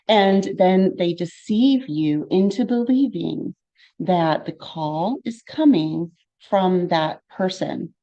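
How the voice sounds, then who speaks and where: A woman's voice: fairly low pitch, gravelly, mellow, highs cut off. A woman presenting a live-streamed safety training, speaking in an earnest, warning way with fillers and asides. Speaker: trainer giving a free online safety session.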